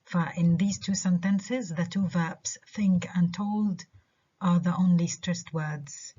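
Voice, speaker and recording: A woman lecturing on English stress with a Levantine Arabic accent, a native Arabic speaker who explains slowly through repeated examples and keeps checking that students follow. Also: on the low side, steady tone, warm tone, husky. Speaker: university lecturer. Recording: dull lo-fi lecture recording.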